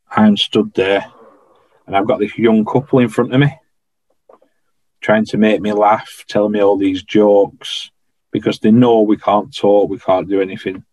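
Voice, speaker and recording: A man tells anecdotes in a relaxed, chatty way, full of regional turns of phrase. His voice sits fairly low. The sound is dry and close, with little room around it. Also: no echo, rough recording. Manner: chatty anecdotal, dialect grammar like "I was stood". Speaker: podcast guest, former royal guardsman. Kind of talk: casual storytelling.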